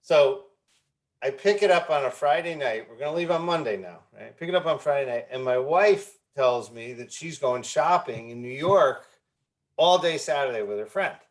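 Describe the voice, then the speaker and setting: An earnest middle-aged man, the founder of a recovery movement, tells his story as a guest in a candid interview. His mid-range voice is expressive and moves at a normal pace, and he often restarts and repeats words.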